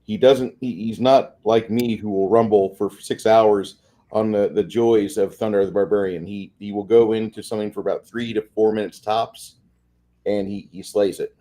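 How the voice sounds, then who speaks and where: Male co-host, deep and warm, chatty rambler, casual stream talk. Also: fairly even intonation, normal speed. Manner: rambling, friendly, repeats words.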